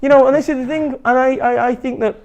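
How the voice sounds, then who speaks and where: A man's voice: very high-pitched, steady tone, fast, a little mellow, lo-fi sound. A man, a motivational speaker talking bluntly and animatedly in an interview, swearing freely. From England. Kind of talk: candid interview talk.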